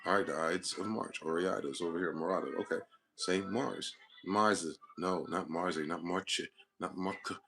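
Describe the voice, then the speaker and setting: A man's voice: deep voice, moderate pace, creaky, fairly bright tone. A man hosting his own channel, talking alone in a rambling, profane monologue built on wordplay. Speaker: channel host. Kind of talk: solo monologue to camera.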